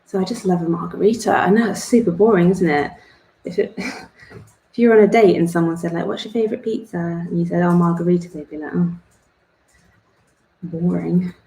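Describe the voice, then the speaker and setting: A woman's voice: on the low side, fairly quick, mellow, slight background noise. A young woman hosting an art club, chatting casually while she draws and joking at her own expense. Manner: rambling and self-deprecating, laughs at herself. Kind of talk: chatty drawing tutorial. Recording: echoey room.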